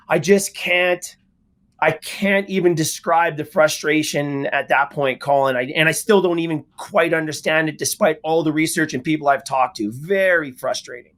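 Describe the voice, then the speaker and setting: A man's voice: on the high side, moderate pace, a bit bright. A middle-aged man from Canada, a guest in an interview, telling his story earnestly and repeating words for emphasis. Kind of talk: interview answers.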